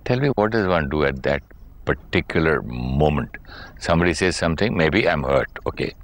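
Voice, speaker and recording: Deep-voiced Indian male interviewer. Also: animated, brisk. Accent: Indian English. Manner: probing, questioning, casual. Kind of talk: conversational interview.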